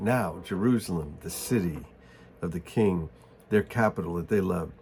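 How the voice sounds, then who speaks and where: A man reads a Bible passage aloud and explains it in casual asides. He clears his throat often. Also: low-pitched, normal speed, darkish tone. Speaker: Bible teacher. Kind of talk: Bible reading with commentary.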